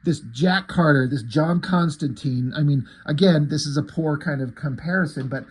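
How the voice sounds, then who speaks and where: A man casually reading through a comic and commenting on it as he goes. He is enthusiastic, swears freely and thinks out loud. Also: a little high, moderate pace, slightly rough. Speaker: comic book reviewer.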